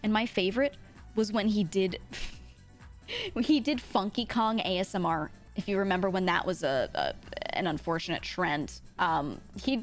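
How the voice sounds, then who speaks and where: Woman streamer, gushing and giggly, with a very lively, bouncing pitch and faint music underneath. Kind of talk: casual chat.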